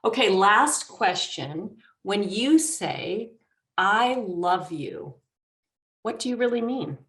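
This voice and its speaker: A middle-aged woman hosting an interview, affirming and measured, drawing her phrases out slowly. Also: mid-range voice, sing-song, a bit bright. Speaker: host, astrologer. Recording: roomy echo.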